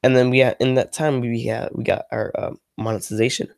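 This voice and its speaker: A man's voice: mid-range voice, level tone, a little fast, vocal fry, darkish tone, dry recording. A man ranting casually on a livestream, rambling and frustrated, with lots of filler words and free swearing. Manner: swears freely. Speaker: ASMR channel creator, livestreaming.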